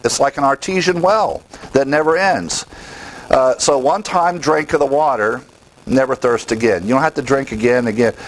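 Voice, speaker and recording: A man's voice: medium pitch, poor audio. Emphatic male Bible teacher. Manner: emphatic, asks the listeners questions and answers them.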